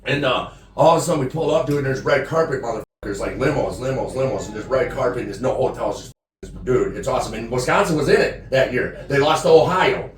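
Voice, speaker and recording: A man's voice: medium pitch, fast. A man co-hosting a podcast, telling a long story in a rambling, profane way and saying "dude" constantly. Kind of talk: casual storytelling among friends. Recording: roomy echo, far from mic, faint background noise.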